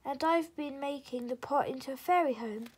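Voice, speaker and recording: A woman's voice: high voice, normal speed, natural voice. A woman doing a joyful welcoming fairy girl.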